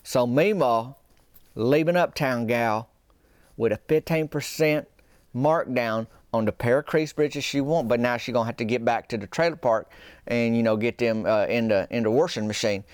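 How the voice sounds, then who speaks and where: Man, podcast host, rambling folksy storytelling, smooth clear voice, dry close sound. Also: medium pitch, normal speed, no echo. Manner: folksy, meandering, self-deprecating, with dialect grammar.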